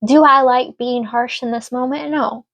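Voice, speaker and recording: A woman's voice: high voice, steady tone, moderate pace, a bit bright, no echo. A woman giving a casual spoken tarot reading, earnest and emotional, speaking reassuringly to her listener. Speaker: tarot reader.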